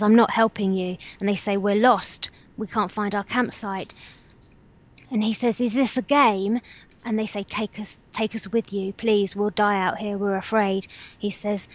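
A woman guest retells someone else's eerie experience in an earnest, slightly halting way. Her voice sits at a middle pitch. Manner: earnest, hesitant with fillers and restarts. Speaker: guest storyteller. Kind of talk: retelling a witness's account.

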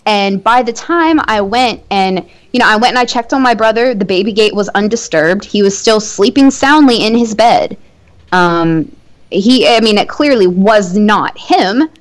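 An adult woman recounts an eerie personal experience in a relaxed interview. She talks in a loose, chatty way, full of fillers and small nervous laughs. Her pitch sits in a typical middle range for a woman. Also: measured pace. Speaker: guest telling a personal ghost story. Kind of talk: conversational storytelling in an interview.

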